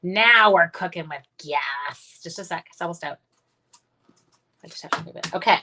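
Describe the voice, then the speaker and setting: A woman's voice: fairly low pitch, moderate pace, pushed and bright. A woman chatting casually through a live card-making demonstration, thinking aloud and greeting viewers as she works. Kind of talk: casual live crafting demo.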